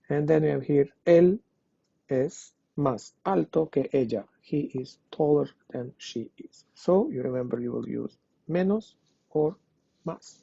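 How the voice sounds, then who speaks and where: A man's voice: fairly high pitch, vocal fry, mellow, breathy edge, no echo. A man teaching a language lesson online, explaining step by step and translating each example. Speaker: Spanish teacher. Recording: dull lo-fi dry recording.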